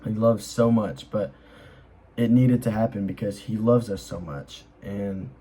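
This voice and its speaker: A man's voice: fairly low pitch, fairly even intonation, unhurried, dark tone, breathy edge, poor audio. A young man explaining a Bible chapter in a casual, earnest way, rambling with lots of fillers as he reads and comments. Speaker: Bible study host.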